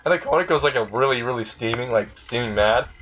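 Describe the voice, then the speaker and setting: A man's voice: medium pitch, fast talker, a bit bright, highs cut off. A man casually retelling a fan-made story in a rambling way, with many fillers. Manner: rambling, frequent fillers and laughing.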